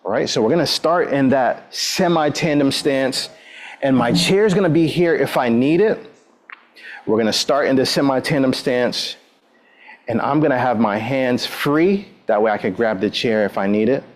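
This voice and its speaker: A man's voice: mid-range voice, normal speed. Guy leading a workout class, upbeat and encouraging, counts down moves, says all right a lot. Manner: frequent "all right" between instructions. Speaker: exercise instructor.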